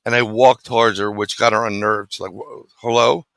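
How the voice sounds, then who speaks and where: A man's voice: lowish voice, flat delivery, fairly quick, fairly bright tone, smooth, no echo, poor audio. A middle-aged man from New City, telling a story as a guest in a casual interview and acting out the dialogue. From New York City.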